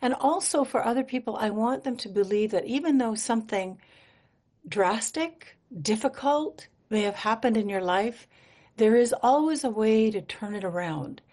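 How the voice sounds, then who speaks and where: A woman's voice: a little high, lively intonation, normal speed, a little mellow. A woman from Manitoba, Canada, a singer-songwriter guest speaking in a radio interview, telling stories in an earnest, reflective way and laughing easily.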